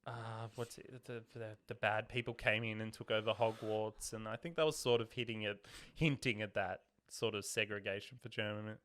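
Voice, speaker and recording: A man's voice: on the low side, steady tone, moderate pace, hardly any pauses, fairly bright tone. A young man co-hosting a podcast, chatting casually and joking, often laughing and slipping into silly voices. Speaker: podcast co-host. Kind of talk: casual chat.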